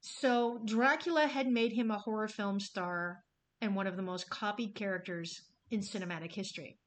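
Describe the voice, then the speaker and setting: A woman's voice: medium pitch, moderate pace. Chatty woman podcast host. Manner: chatty, enthusiastic, casual swearing. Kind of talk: casual storytelling about film history.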